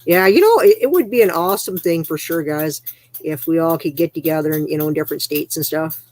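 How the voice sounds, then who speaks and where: A woman's voice: deep voice, lively intonation, fairly quick, darkish tone, no room sound. A woman hosting a casual livestream, chatting loosely, reading viewer comments aloud and laughing easily. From Canada. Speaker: livestream host.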